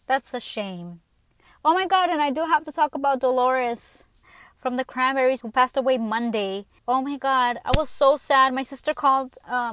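A woman hosting a podcast, telling stories in a blunt, profane, animated casual rant. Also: high-pitched, no room sound. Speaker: podcast host. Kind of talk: casual ranting monologue.

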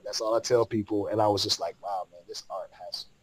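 A man's voice: fairly low pitch, fairly even intonation, brisk, rough recording. A man, a podcast guest, telling a long story in casual, slangy speech with lots of laughter.

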